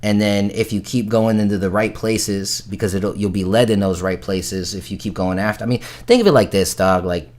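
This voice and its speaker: Man, young adult, from Florida, lowish voice, casual storytelling, slangy, swears a lot. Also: moderate pace, few pauses, a little hiss or hum. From Hollywood, Florida. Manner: slangy, swears freely, animated when quoting others. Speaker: musician and actor.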